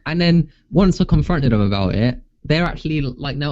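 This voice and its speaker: A young man chats on a podcast, teasing his co-host with laughs and restarts. His voice is mellow and dark, and the recording sounds slightly muffled. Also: a little high, expressive, moderate pace. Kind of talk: casual chat. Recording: dull lo-fi sound.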